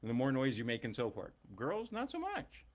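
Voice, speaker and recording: A man's voice: medium pitch, huge pitch swings, brisk. A middle-aged man and longtime teacher giving a blunt, emphatic, profane ranting monologue.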